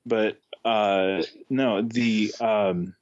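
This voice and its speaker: Flustered, stammering podcast judge. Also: male voice, lowish voice, steady tone, drawn-out words, slight background noise. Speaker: rules judge, podcast co-host. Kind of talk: casual podcast chat. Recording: slightly muffled dry audio.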